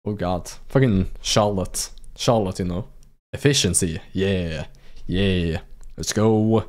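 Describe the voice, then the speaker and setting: A man's voice: sits low, takes it slowly, a little mellow. A man casually commenting on a visual novel as he plays, joking around and swearing freely. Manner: swears freely and jokes around, reacting to the game. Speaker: streamer playing a visual novel. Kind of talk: casual let's-play commentary and reading game lines aloud.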